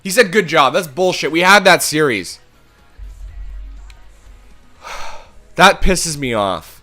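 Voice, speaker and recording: A young man with a bright, forceful voice narrates his hockey game as he plays it. He mutters to himself and then bursts into swearing and angry yelling. Faint music plays behind him. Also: on the high side, very animated, takes it slowly. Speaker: gaming YouTuber. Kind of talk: game commentary.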